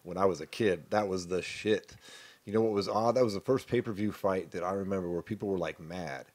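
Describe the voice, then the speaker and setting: A man in his thirties with a slightly low voice, co-hosting a casual podcast. He talks loosely and animatedly, with plenty of cursing in between. His delivery is relaxed, like chatting with a friend. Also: a little fast. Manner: profane, animated storyteller. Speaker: podcast co-host. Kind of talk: casual chat.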